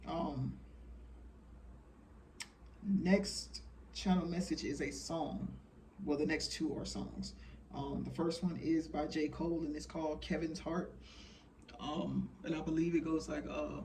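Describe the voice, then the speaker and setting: A man in his thirties talks in a loose, blunt way, cursing freely and circling back on his thoughts. His voice sits a little high for a man. He is heard from some way off the mic, with a faint hiss of noise behind him. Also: fairly even intonation, a little slow, long pauses, a little mellow, distant mic. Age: 30s. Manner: frank, profane, rambling with fillers. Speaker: channeler sharing messages. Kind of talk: casual monologue.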